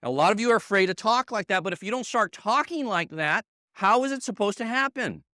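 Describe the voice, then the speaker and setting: Man, middle-aged, sales team leader, motivational training, bright forceful voice, emphatic and repetitive, dry close sound. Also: high voice, animated, a little fast, no room sound. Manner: emphatic, repeats himself, checks in with "okay?" and "right?"; addresses colleagues in the room by name. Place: meeting room with a live audience.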